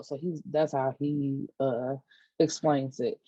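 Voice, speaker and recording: Sassy woman recapping a show, dark voice. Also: low-pitched, unhurried, no room sound. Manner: chatty, sassy storyteller acting out quotes with slang. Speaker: book and TV recap vlogger. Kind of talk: casual recap vlog. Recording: slightly dull lo-fi recording.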